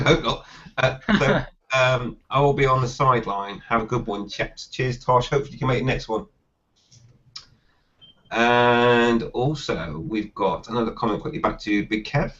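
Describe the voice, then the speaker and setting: A man hosting a live video-call Q&A, chatting with panel members and reading out viewer comments in a brisk, chummy way. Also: medium pitch, fairly bright tone. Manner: brisk, chummy, reads out questions. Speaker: host of a live Q&A hangout. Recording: dull lo-fi video call audio.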